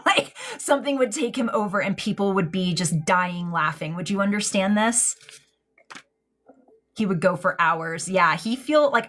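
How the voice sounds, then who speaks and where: A woman's voice: medium pitch, a bit bright. A woman giving a live-streamed mediumship reading, affectionate and hesitant, full of ums and likes. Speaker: psychic medium.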